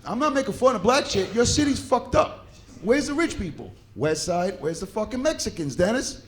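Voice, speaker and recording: A man doing profane, animated stand-up crowd work on a club stage. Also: sits high, moderate pace. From New York. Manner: brash, profane, animated banter with audience. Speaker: stand-up comedian.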